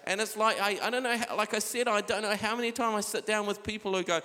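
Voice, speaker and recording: A male pastor preaches a relaxed, conversational sermon. His voice sits slightly high and reads scripture between stories. The sound trails off into a long church-hall reverb. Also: quick pace.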